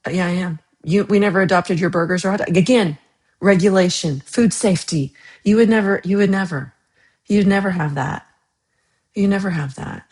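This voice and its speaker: Woman from Texas, livestream host, casual chat with viewers, teasing and playfully outraged, lowish voice. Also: moderate pace, darkish tone.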